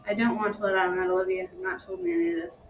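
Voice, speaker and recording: A woman's voice: medium pitch, racing, gravelly, poor audio. Woman reading a novel aloud. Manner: plain reading with small slips and self-corrections. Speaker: reader. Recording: steady background noise.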